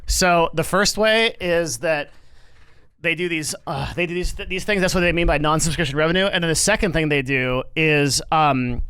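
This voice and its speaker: A man's voice: on the high side, a bit bright, smooth, no room sound. A man streaming and reacting to news in casual commentary, rambling with lots of fillers, restarts and swearing.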